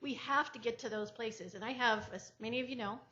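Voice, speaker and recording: A woman's voice: a little high, fairly quick, bright, forceful tone, muffled recording. An older woman from Central California giving an earnest, emotional public comment at a board meeting, catching herself mid-sentence now and then. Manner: earnest, emotional, self-correcting. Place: public hearing room.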